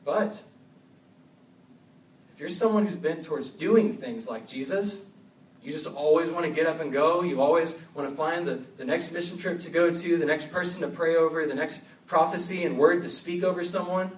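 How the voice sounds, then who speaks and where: A young man giving an energetic youth sermon, urging with short repeated commands. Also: a little high, moderate pace. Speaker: youth pastor. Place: church hall. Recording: echoey hall, mic from a distance.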